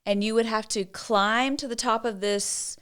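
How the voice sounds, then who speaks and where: Female podcast co-host from Texas, animated and teasing, slightly high voice. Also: clear, resonant tone. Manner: animated, quick reactions, teasing. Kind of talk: casual chat.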